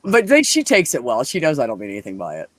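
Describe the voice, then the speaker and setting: A man in casual chat with a co-host, telling animated stories and swearing freely. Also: mid-range voice, quick pace. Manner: animated storyteller, swears freely, acts out quotes. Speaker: podcast co-host; medical office worker.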